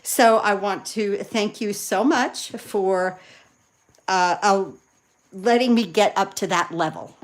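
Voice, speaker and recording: A woman chatting excitedly with viewers while she demonstrates card making live from her craft room. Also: medium pitch. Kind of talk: live crafting demo chat.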